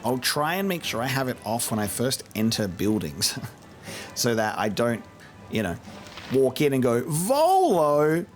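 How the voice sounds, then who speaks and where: A man's voice: lowish voice, normal speed, fairly bright tone, soft background music. A man casually commenting on a game he is playing for the first time, chatty and profane, mimicking the characters now and then. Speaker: let's play host.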